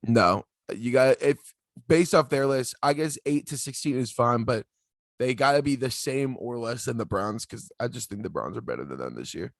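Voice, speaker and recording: A man's voice: mid-range voice, animated, vocal fry, no room sound, clean studio sound. A young man co-hosting a casual podcast chat over a video call, hedging his picks and laughing often. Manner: hesitant, hedging, quick to laugh. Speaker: podcast co-host.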